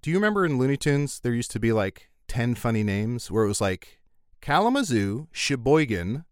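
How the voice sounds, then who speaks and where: Male podcast co-host reading emails, lively pitch, dry close sound. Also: moderate pace, smooth, dry recording. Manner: animated, reads emails aloud with jokey asides. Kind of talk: casual chat, reading listener emails.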